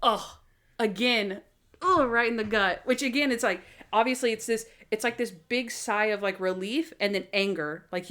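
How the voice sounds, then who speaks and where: An animated woman co-hosting a casual podcast. She retells television scenes with energy and slips into the characters' lines as she goes. Her pitch sits in the middle of the range. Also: normal speed. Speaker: podcast co-host. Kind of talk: casual chat recapping a TV episode.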